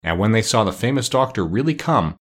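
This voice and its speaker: A man reads a children's storybook aloud as its narrator, his voice a little husky. He sits slightly low in pitch and keeps a steady, unhurried storyteller's pace from one sentence to the next. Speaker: audiobook narrator.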